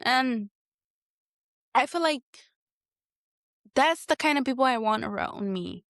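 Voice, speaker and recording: A woman's voice: on the high side, lively intonation, takes it slowly, vocal fry, a bit bright, no echo, clean studio sound. A woman, hosting a candid solo podcast, talking bluntly and heatedly and swearing often. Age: 20s. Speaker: podcast host.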